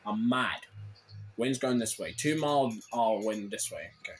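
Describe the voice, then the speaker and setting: A man commenting live on his own gameplay, irritable and grumbling, with sudden shouted complaints. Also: lowish voice, lively intonation, moderate pace, noisy background. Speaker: gaming channel host.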